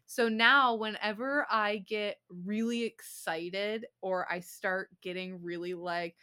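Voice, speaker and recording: A woman's voice: medium pitch, steady tone, slow pace, sharp tone, clean tone. A young woman co-hosting a podcast in casual chat, rambling with lots of fillers and giggles. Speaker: podcast co-host.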